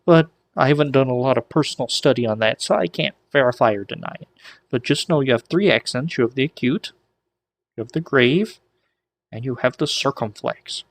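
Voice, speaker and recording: Man, mid-pitched voice, casual lesson, relaxed, restarts often, joking asides. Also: brisk, gravelly. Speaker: Greek teacher.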